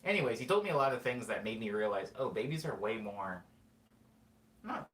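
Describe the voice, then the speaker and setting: A man's voice: on the low side, animated, fairly quick, fairly bright tone. A man talking through a casual, rambling monologue as host, full of fillers and restarts. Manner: rambling, filler-heavy, self-correcting. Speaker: podcast host. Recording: echoey room with faint ambience.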